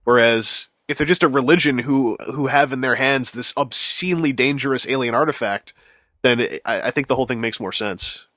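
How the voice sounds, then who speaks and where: A man's voice: mid-range voice, brisk, pushed and bright, no room sound. A man hosting a casual podcast chat, rambling and self-mocking with dry sarcasm. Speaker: podcast host.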